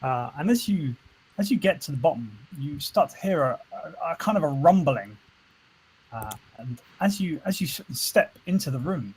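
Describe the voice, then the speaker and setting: A man's voice: on the high side, animated, moderate pace, a little mellow, slightly rough, rough recording. A man narrating a tabletop game as game master, with many fillers and restarts. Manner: hesitant, full of fillers and restarts.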